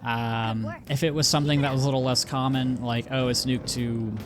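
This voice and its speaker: A man's voice: mid-range voice, level tone, normal speed, noisy background. A man giving casual let's-play commentary, chatty and rambling, often cutting himself off and laughing. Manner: chatty, rambling, self-interrupting, laughs easily. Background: game music.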